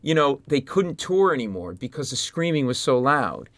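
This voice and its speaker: A man from Rhode Island, a stand-up comedian telling lively anecdotes in an interview and jumping into loud voices of the people in them. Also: mid-range voice, moderate pace, dry recording. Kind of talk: animated storytelling in an interview.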